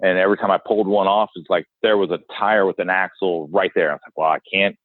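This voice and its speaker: A man's voice: low voice, steady tone, fast, no room sound. A man co-hosting a podcast, casually telling a gross work story and acting out the quotes as he goes. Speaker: podcast co-host, dead animal removal worker. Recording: dry phone-like line.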